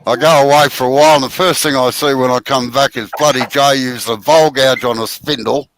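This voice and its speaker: A man's voice: mid-range voice, steady tone, a little fast, a bit bright, poor audio. An Australian man hosting a live woodturning stream, chatting casually and teasing friends while explaining technique. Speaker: woodturning show host.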